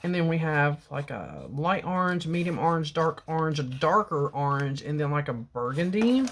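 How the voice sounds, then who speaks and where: A middle-aged woman with a slightly low voice talks through her nail supply haul in a relaxed, chatty way. She sits at home with the camera mic picking her up, pausing to peer at colors. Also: slight background noise. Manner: chatty, baby-talks her cat in a high cooing voice. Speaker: beauty vlogger. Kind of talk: casual product haul chat. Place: home bedroom.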